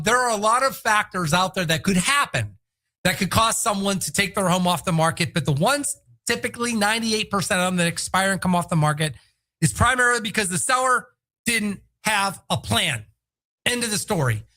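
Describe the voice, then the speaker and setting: A man with a high, bright voice hosting a solo real estate show. He talks in an energetic, hard-selling way that swings between quick pushes and drawn-out emphasis. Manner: energetic, salesy, breaks into shouted impressions. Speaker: podcast host, real estate agent.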